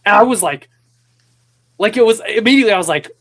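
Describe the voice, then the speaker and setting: A man with a notably high speaking voice talks casually as a podcast host. He tells stories in an animated way, rambles with restarts, and slips into other people's voices when quoting them. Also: fast, gravelly. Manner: animated storytelling, acts out quoted voices. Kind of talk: casual conversation.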